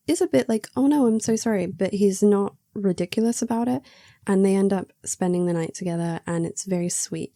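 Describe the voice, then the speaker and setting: A woman's voice: on the low side, mellow, no echo, clean studio sound. A young woman reviewing a book in casual chat, sarcastic and chatty, acting out the characters' lines.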